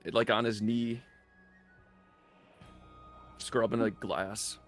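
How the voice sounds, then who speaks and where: A man's voice: fairly low pitch, fairly even intonation, slow, fairly bright tone, soft background music. A sick man chatting easily about his tabletop character, laughing often. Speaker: tabletop game player. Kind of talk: casual out-of-character chat.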